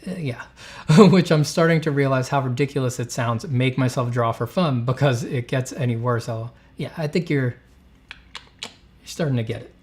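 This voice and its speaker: Brief: a male artist host chatting casually, rambling, with fillers and restarts, mid-pitched. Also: normal speed, darkish tone. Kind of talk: casual podcast chat.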